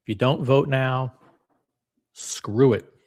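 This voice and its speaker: A man hosting a casual livestream, chatty and blunt, reading viewer comments aloud with quick restarts and self-deprecating asides. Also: medium pitch, a little mellow. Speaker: livestream host reacting to watch predictions.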